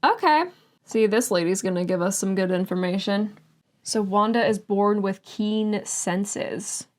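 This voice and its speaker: A woman's voice: mid-range voice, unhurried. A woman book vlogger chatting casually about her picks, filling her talk with "like" and "um" and gushing over books she loves. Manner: chatty, full of "like" and "um".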